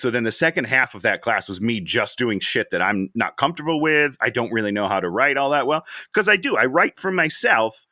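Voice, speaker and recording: A man's voice: medium pitch, big pitch swings, brisk, hardly any pauses, bright, forceful tone, no room sound, studio quality. A man co-hosting a podcast, chatting casually and telling rambling, self-deprecating stories. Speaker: podcast co-host. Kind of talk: casual chat.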